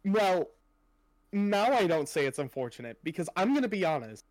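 Very animated, with a voice that sits high, this young podcast co-host rambles at a moderate pace in casual chat, throwing in lots of fillers and offhand swearing.

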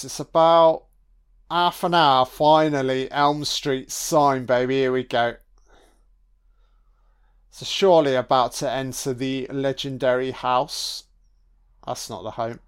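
Man, casual commentary, sweary and sarcastic, slow delivery, mid pitch. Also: steady tone, smooth. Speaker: film commentator.

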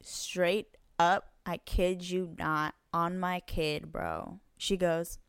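A woman co-hosting a casual podcast, telling a story with lively retellings of dialogue and frequent swearing. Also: on the low side, extremely slow, gravelly, clean tone, dry recording, studio quality. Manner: animated, swears freely, plays out quoted dialogue. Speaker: podcast co-host.

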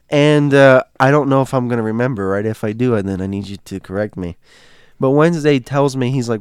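A young man telling a spooky story in casual chat, animated and laughing, acting out quotes with fillers. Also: medium pitch, brisk, smooth, dry recording, studio quality.

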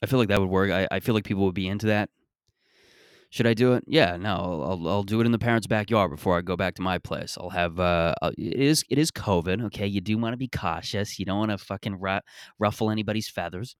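Low-voiced man rambling on his podcast. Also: quick pace, clean tone, no echo, studio quality. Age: around 30. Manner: rambling, joking, profane. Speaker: podcast host. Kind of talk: casual solo podcast monologue. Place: parents' backyard outdoors.

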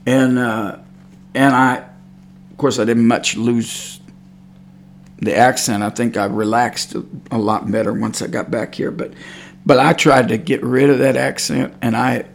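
A man's voice: mid-range voice, fairly even intonation, unhurried, gravelly, slight background noise. A man with a Texan accent hosting a religious podcast, telling stories in a folksy, meandering way with many fillers. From Texas. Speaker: podcast host. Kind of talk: rambling religious podcast talk.

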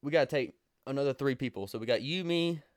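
A man co-hosting a podcast talks at a brisk clip in a clear, smooth voice. He jokes around and throws out playful questions. The sound is dry and close, with no room echo. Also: mid-range voice. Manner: joking, playful, asks lots of questions. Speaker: podcast co-host. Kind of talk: casual chat.

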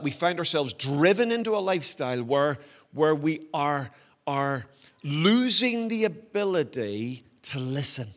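Male preacher, mid-high voice, earnest sermon delivery with drawn-out emphasis. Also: fairly bright tone. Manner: earnest, emphatic with slow stressed phrases.

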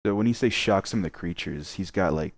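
A man co-hosting a film podcast, opinionated and excitable, sometimes swearing. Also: deep voice, a little fast, dry recording. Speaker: podcast co-host. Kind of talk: casual chat.

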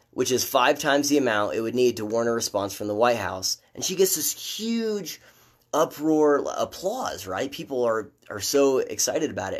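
A man giving critical, sardonic commentary on a documentary, with frequent fillers and restarts. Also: mid-range voice. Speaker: political commentator.

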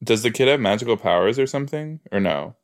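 A man's voice: medium pitch, animated, quick pace. A man hosting a podcast, chatting casually as he reacts to a TV episode, full of "like" and "you know".

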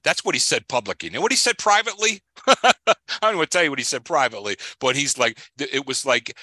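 A man's voice: medium pitch, big pitch swings, quick pace, bright, forceful tone, dry recording. A man co-hosting a casual podcast, talking sports with heated, emphatic rants and repeated phrases. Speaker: podcast co-host.

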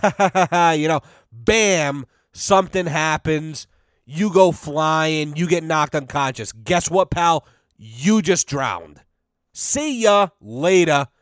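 A man's voice: on the high side, clear, resonant tone, no room sound, clean studio sound. A man ranting casually as a podcast co-host, profane and rambling, full of repeated fillers.

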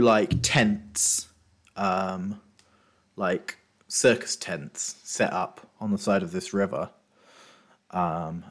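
A man running a tabletop game as game master, narrating scenes with frequent ums and pauses. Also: low voice. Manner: hesitant, lots of ums while describing.

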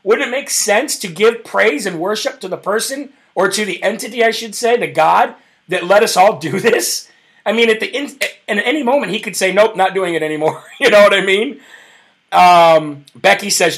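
High-voiced brash male talk host. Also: normal speed, fairly bright tone. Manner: brash, preacher-like, fervent. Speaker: political talk show host. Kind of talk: live show with prayer and reading viewer comments.

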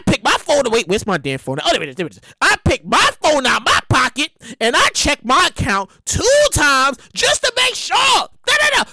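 Animated, high-voiced woman telling stories. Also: dry recording, clean studio sound. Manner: animated, slangy, rambling with exclamations. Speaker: comedic storyteller. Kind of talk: casual comedic monologue.

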